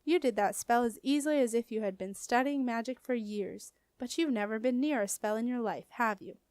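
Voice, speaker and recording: A woman reading a storybook and voicing a stern but proud female wizard who speaks crisply and commandingly. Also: a little high, a little fast, a little mellow, no room sound, natural voice. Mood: probing.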